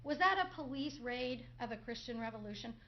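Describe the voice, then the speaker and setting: Sarcastic high-voiced woman prosecutor. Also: expressive, fairly quick, highs cut off, slight background noise. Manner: sarcastic, mimics others in quotes, asks rhetorical questions. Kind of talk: courtroom closing argument. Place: courtroom.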